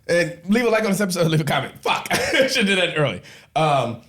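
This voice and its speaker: A man's voice: high-pitched, sing-song, brisk, a bit bright. A man hosting a casual podcast, joking and profane, laughing often and winded from running back. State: winded, coughing. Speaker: podcast host.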